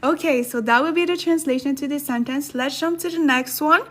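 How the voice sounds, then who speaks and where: A woman's voice: high voice, a bit bright. A woman teaching a beginner language lesson on a livestream, chatting with viewers and thanking them as she goes. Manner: chatty, thanks viewers, reads sentences slowly then fast.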